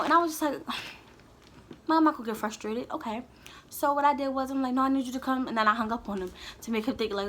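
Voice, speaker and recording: A woman's voice: fairly high pitch, fairly bright tone, a little hiss or hum. A young woman telling a candid, heated storytime straight to her viewers. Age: young adult. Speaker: vlogger. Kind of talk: storytime vlog.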